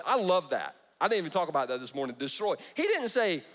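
A man's voice: sits high, huge pitch swings, quick pace, few pauses, a bit bright. A man preaching a sermon in church, joking and breaking off his own sentences. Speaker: pastor.

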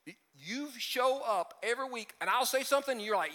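A male pastor delivers a sermon in a bright, forceful voice that sits high for a man. He talks conversationally, restarting phrases and slipping in self-deprecating jokes. The sound rings with a long church-hall reverb. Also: lively intonation, a little fast. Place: church sanctuary.

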